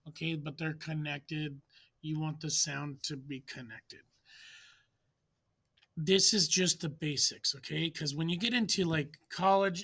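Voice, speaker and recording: Bright-voiced man teaching wind articulation. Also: a little high. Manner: demonstrates articulation syllables aloud; loose and chatty, with fillers and restarts. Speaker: music teacher. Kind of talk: casual instructional talk.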